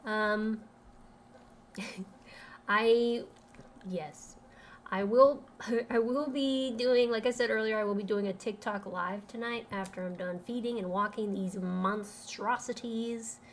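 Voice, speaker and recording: A woman's voice: mid-range voice, fairly even intonation, takes it slowly, a little hiss or hum. A young woman streamer chatting casually and cooing baby talk at her dogs. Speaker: livestreamer. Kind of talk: casual livestream chat.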